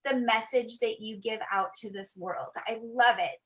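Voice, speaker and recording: A woman's voice: fairly high pitch, a little slow. A woman hosting a coaching chat, gushing and effusive, who is easily moved.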